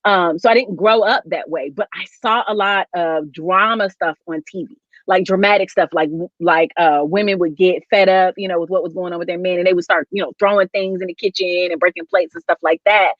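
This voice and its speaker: A woman's voice: on the low side, steady tone, fairly quick, few pauses, no echo. A young woman hosts in an easy, candid way and laughs often. The sound is dull and lo-fi. It is also dry. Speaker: host. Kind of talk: casual chat.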